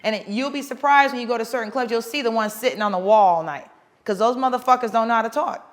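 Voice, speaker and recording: A woman's voice: fairly high pitch, quick pace. A woman guest talking candidly and profanely about her work, acting out bits of small talk. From Los Angeles area. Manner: blunt, profane, acts out club small talk. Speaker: guest dancer. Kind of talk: candid casual chat.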